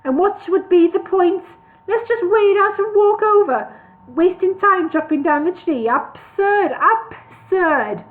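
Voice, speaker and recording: A woman playing a loud, scoffing dwarf. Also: very high-pitched, measured pace, pitched above the performer's own voice. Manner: loud, scornful and dismissive. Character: brash, scoffing male dwarf. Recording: tinny phone-like sound.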